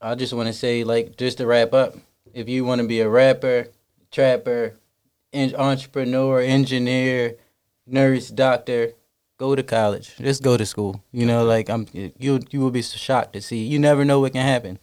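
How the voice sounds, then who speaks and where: A man's voice: medium pitch, level tone, normal speed, a little mellow, smooth. A young man, a podcast guest, talking casually and earnestly, giving encouraging advice in a rambling way. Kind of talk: casual chat.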